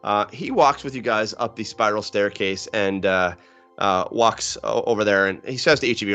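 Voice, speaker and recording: A man's voice: fairly low pitch, moderate pace, bright, forceful tone, soft background music. A man narrating as game master of a tabletop game, casual, with frequent fillers and laughs.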